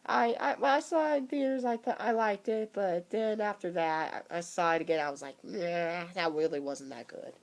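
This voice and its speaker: Young guy with a cold, rambling. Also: sits high. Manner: rambling, halting, many restarts. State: coming down with a cold. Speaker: vlogger. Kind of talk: casual rambling movie opinions.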